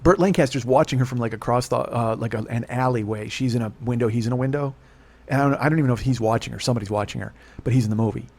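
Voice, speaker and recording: A middle-aged man hosting a podcast, ranting in a loud, heavily profane comedic style and laughing at his own jokes. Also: mid-range voice, rapid-fire. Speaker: podcast host.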